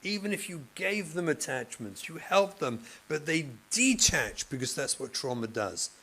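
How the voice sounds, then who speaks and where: A man, a rabbi and therapist, giving a passionate lecture to educators, moving from loud emphasis to hushed speech. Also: a little high, very animated, measured pace, husky, rough recording. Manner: passionate, acts out classroom scenes, swings between loud and hushed.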